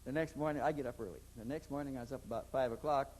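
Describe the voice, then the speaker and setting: A medium-pitched, darkish voice races through a rambling interview story as the man recounts his experiences, repeatedly echoing the first words of his sentences. The recording is rough, with a little hiss or hum.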